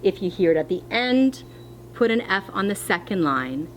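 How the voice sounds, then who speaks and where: Lively-voiced woman teaching phonics. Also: medium pitch, a little hiss or hum. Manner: slow, clear, encouraging teacher talk to young children. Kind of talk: distance-learning phonics lesson.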